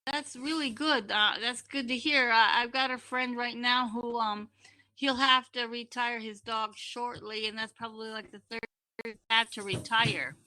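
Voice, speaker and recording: A woman hosts a casual podcast interview, asking questions in a chatty way and often repeating words as she starts them. Her voice is bright and edged, and it sits fairly high. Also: fairly even intonation, a little slow. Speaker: podcast host.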